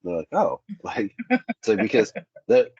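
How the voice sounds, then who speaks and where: A man's voice: lowish voice, unhurried, slightly rough, lo-fi sound. A man in a candid interview, a safety specialist who tells workplace stories and acts out the dialogue. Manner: animated, acts out quoted dialogue.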